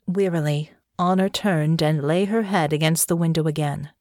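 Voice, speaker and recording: A woman narrating a fantasy audiobook in an expressive storytelling manner. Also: low voice, normal speed, hardly any pauses, no echo, studio quality. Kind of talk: scripted fiction narration.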